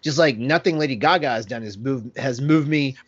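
A man's voice: mid-range voice, a little fast, dry recording, highs cut off. Man, casual chat, hesitant, fillers, dry close sound. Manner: hesitant, many fillers and restarts, laughs easily.

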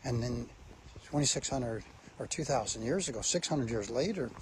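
Slow-talking preacher guy, keeps asking the crowd questions, bit of faint noise behind. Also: mid-range voice. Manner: slow, emphatic, asks the listeners rhetorical questions. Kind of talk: sermon.

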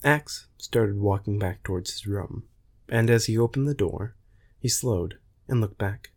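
A man narrating a science fiction story in a measured, plain way. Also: fairly low pitch, gravelly, slightly rough. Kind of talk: storytelling reading.

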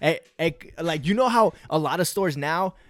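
A man's voice: on the high side, expressive, moderate pace, fairly bright tone. A young man co-hosting a podcast in casual chat, laid-back and swearing freely, acting out people's lines as he talks. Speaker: podcast co-host.

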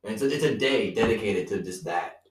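A young man with a very lively voice that swings up into excited peaks as he riffs. He sits back from the mic in an echoey room. His talk is loose and joking. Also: brisk, distant mic, noisy background. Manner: animated, jumps to high emphatic peaks. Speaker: podcast co-host. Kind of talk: casual chat among friends.

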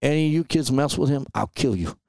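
A man quoting a huge, feared gang leader in a gruff, tough street voice. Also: medium pitch, fast, a little mellow, dry recording, voice pushed up, close to an everyday voice. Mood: warning. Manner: tough, warning, street talk.

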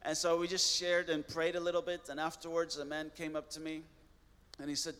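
A man, a missionary guest, telling a personal testimony in an earnest way, with halting restarts. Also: fairly high pitch, flat delivery, a bit bright, clear, resonant tone, long reverb tail.

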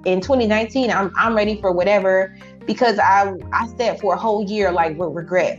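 A woman entrepreneur telling her story in a casual, animated way, acting out her own past lines. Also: mid-range voice, brisk, highs cut off, faint music behind. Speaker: entrepreneur guest.

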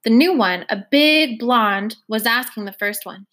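Brief: woman reader, slightly high voice, steady read-along narration. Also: measured pace, hardly any pauses. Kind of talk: reading a novel aloud.

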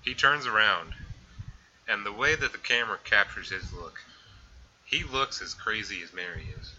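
A man co-hosting a casual movie podcast, chiming in with quick, teasing remarks. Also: lowish voice, lively intonation, bright, forceful tone, dull audio, slight background noise. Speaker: podcast co-host.

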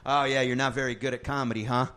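A man's voice: medium pitch, level tone, fast, sharp tone, slight background noise, lightly acted. A man voicing a pushy, overly friendly male pizza shop worker who teases and mocks a customer. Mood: mocking. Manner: upbeat salesman patter, teasing.

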